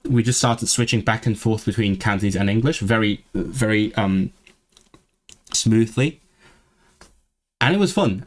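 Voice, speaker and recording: Chatty young man streaming his studies. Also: mid-range voice. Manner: chatty, restarts words often, reads course text aloud. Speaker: streamer studying a language. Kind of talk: casual livestream chat.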